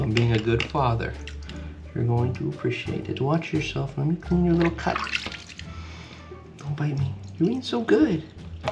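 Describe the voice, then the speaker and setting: A man vlogging at home, talking in soft baby talk to a kitten while he bathes it. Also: medium pitch, vocal fry. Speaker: fishing vlogger. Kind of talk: casual vlog talk. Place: indoors at home, bathing a kitten in a tub.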